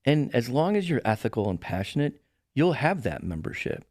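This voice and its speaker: A man's voice: mid-range voice, moderate pace, no echo, clean studio sound. A middle-aged man, a podcast guest, telling stories in a casual chat and acting out the people he quotes. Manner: animated storyteller, acts out quoted voices. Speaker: podcast guest, real estate broker.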